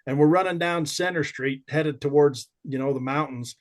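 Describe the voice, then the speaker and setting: A man in his fifties spins lively anecdotes as a podcast guest. His pitch sits a little high for a man, and he talks in an easy, laughing, conversational way. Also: normal speed. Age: 50s. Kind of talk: casual storytelling chat.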